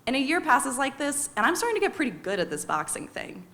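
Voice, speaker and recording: American woman, 30s, live storyteller; wry, confessional, lively when quoting others. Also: high voice, fast talker. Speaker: storyteller on stage. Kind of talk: personal storytelling performance.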